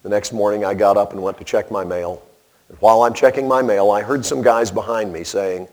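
A man preaching in a storytelling style, animated and self-deprecating. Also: fairly low pitch, brisk. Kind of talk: storytelling sermon.

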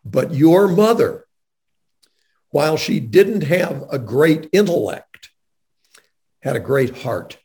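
A man's voice: fairly high pitch, very animated, slow pace, long pauses, darkish tone. A man interviewing a guest in a faith-based conversation, speaking in an earnest, emphatic way.

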